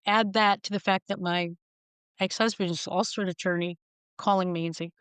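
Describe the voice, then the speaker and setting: A woman's voice: mid-range voice, normal speed, pauses often, fairly bright tone, clear, resonant tone, no echo. A middle-aged woman speaking frankly as a podcast guest, telling wry stories and acting out the people in them. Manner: frank, wry, acts out quoted voices. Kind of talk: candid storytelling conversation.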